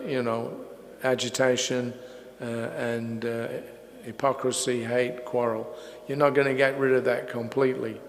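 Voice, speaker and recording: An older man giving a religious lecture and answering questions. He tells stories in an unhurried way, with many fillers. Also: mid-range voice. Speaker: speaker at a religious festival. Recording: echoey hall with faint noise.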